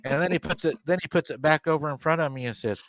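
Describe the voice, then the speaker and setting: A man's voice: on the high side, fast talker, fairly bright tone, no room sound. A man hosting a live show, casually retelling a story with quoted dialogue and laughing often. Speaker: podcast host.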